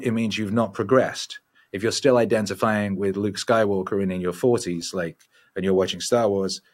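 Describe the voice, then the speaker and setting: A man in his forties, a musician guest telling rambling, profane stories in a casual interview. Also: fairly low pitch. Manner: profane, rambling, animated storyteller.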